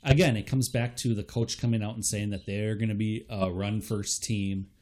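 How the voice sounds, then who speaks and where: A young man in casual podcast chat, analyzing fantasy football with relaxed fillers and hedges. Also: fairly low pitch, normal speed.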